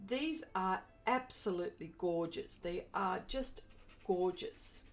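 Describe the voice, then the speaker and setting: A woman's voice: mid-range voice, lively intonation, slow. An Australian woman hosting an art live stream, chatting casually and greeting viewers by name as she works. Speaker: art livestream host. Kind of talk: casual live stream chat while drawing.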